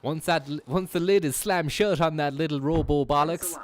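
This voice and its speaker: A man's voice: fairly high pitch, steady tone, moderate pace. A man doing rambling, profane live stream commentary, slipping into a mock announcer voice as he riffs.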